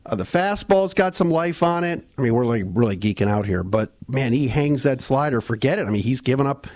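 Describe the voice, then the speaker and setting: A man co-hosting a casual sports podcast, talking in an animated, rambling way with restarts and fillers. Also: mid-range voice, a little fast, no room sound. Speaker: podcast co-host.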